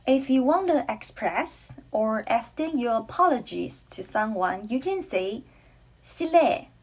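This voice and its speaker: Taiwanese-accented woman teaching phrases, slow and patient, kinda husky voice. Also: on the high side, lively intonation, rough recording. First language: Taiwanese Hokkien. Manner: slow, careful, repeats phrases for the learner. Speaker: language teacher. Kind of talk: language lesson narration.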